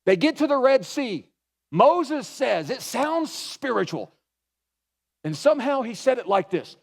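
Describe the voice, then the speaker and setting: A pastor giving a sermon in an animated, folksy way, mixing humor into his storytelling. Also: extremely high pitch, a little slow, vocal fry. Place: church.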